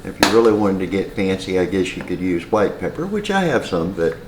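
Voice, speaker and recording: A man's voice: low-pitched, animated, a little fast. A man hosting a casual home cooking demonstration, chatty and rambling, with side stories and plenty of filler words. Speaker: home cooking channel host. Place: home kitchen. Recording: roomy kitchen echo, faint noise.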